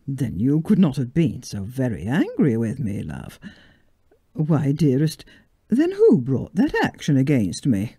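A woman's voice: rumbling low, wildly swooping pitch, unhurried, mellow, breathy edge, dry recording, clean studio sound, exaggerated voice. A woman voicing a gallant, sheepish young husband in a read-aloud story, speaking hesitantly and earnestly. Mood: earnest, tender.

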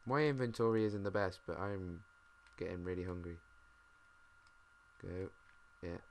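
A British man mumbling and thinking out loud, swearing now and then as he plays a game. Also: deep voice, unhurried. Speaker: gamer. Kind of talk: casual let's-play commentary. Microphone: desk mic. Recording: noisy home mic with mouse clicks.

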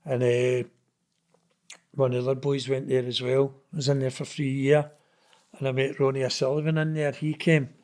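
A man's voice: medium pitch, moderate pace. Glaswegian man telling a story. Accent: Glaswegian Scottish. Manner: animated, acts out quoted dialogue. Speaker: interview guest. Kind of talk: casual storytelling.

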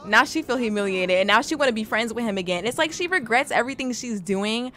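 A woman's voice: a little high, animated, fast talker, fairly bright tone, a little hiss or hum. A young woman hosting a let's play, giving casual, teasing commentary as she plays and laughing often.

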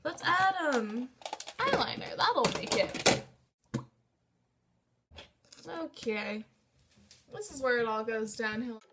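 Young female vlogger, high voice, chatty and self-mocking, talking casually at home. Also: lively intonation, slow, long pauses, noisy background. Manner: rambling, self-deprecating chatter. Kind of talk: casual makeup vlog.

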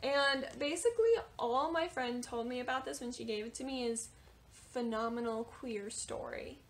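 A young woman in a casual book vlog, chatty and animated, with lots of filler words as she runs through her reading list. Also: a little high, normal speed. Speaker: book vlogger. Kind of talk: casual book talk to camera.

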